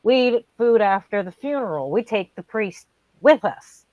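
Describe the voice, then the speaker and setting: A woman's voice: mid-range voice, moderate pace, dry recording, phone-quality sound. A woman co-hosting a casual chat, telling a funny story with lots of swearing and acted-out voices. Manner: animated storyteller, swears freely, acts out voices. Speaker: co-host.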